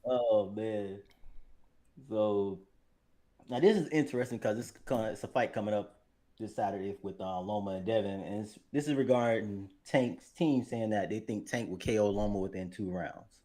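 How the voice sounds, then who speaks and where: Laid-back lower-voiced male co-host. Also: normal speed, mellow. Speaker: podcast co-host. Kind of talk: casual boxing talk.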